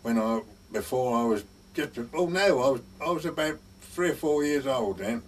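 A man's voice: mid-range voice, expressive, moderate pace, recorded from a distance, a little hiss or hum. An older man telling rambling village anecdotes, chuckling and quoting each speaker with "he said". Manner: rambling, chuckling, quotes everyone with "he said". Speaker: village storyteller. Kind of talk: oral history anecdotes.

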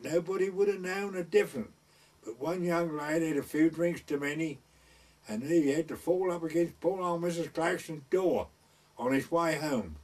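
A man's voice: on the high side, darkish tone. An older man, telling folksy village stories in an oral history, rambling and acting out the people he quotes. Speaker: village elder recalling the past. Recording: voice from far off the mic.

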